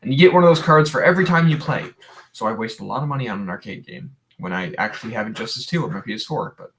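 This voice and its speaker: A man's voice: fairly low pitch, expressive, fast, a bit bright. A young man from Canada hosting a livestream, chatting casually and rambling through viewer questions with many restarts, tired today. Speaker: livestream host.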